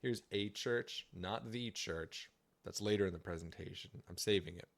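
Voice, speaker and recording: A man's voice: deep voice, moderate pace, creaky. A young man giving a casual, jokey livestream presentation on his trip, chatty and laughing often.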